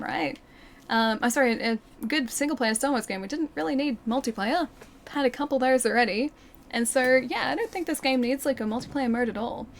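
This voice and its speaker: A young woman streaming a game and chatting with viewers, speaking clearly with a slight lisp from her retainers. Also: high voice, slight background noise. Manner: clear, well-enunciated speech. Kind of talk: casual live-stream gameplay chat. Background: game music.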